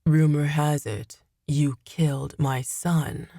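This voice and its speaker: A woman voicing a vengeful male demon father who speaks deep, cold and menacing in an audiobook. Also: fairly even intonation, takes it slowly, warm tone, no echo, clean studio sound, heavily acted.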